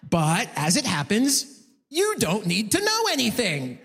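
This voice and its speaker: A man performing a loud, animated stand-up comedy set in a large concert hall, acting out characters in his stories. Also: high-pitched, a little slow, creaky, breathy edge. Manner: animated, loud jokey delivery with voiced characters. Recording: live hall recording with reverb. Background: audience laughter.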